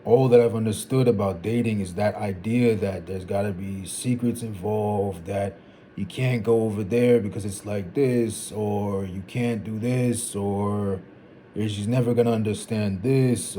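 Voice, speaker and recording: In a reflective vlog, a young Zimbabwean man speaks on his own to the camera, rambling and repeating phrases while he thinks things through. His low, warm voice stays steady and a little slow, with a slight hiss or hum behind it.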